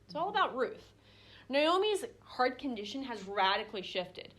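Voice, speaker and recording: Young woman leading a bible study, kinda high voice, chatty with lots of ums and restarts. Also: sing-song, normal speed, fairly bright tone. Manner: conversational, acts out quoted voices, many fillers and restarts. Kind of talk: teaching a small group class.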